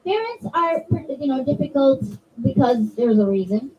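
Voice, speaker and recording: High-pitched and sing-song at normal speed, a woman chats with children during a religious talk, posing questions to them as a zakira at a majlis. The community center hall recording uses a distant, dull mic, with faint room ambience and slight background noise.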